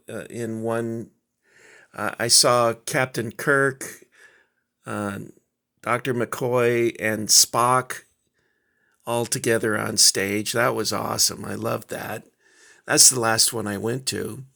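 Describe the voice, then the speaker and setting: Middle-aged male collector host, unhurried, rambling casual chat full of ums. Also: medium pitch, vocal fry, sharp tone. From Southern California. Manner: rambling, halting, many fillers. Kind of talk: casual show-and-tell chat.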